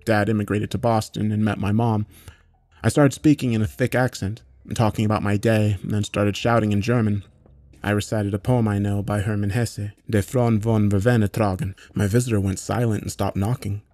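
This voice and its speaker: Measured man narrating a horror story. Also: fairly low pitch, steady tone, a little mellow, dry recording. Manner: measured and matter-of-fact, occasional swearing.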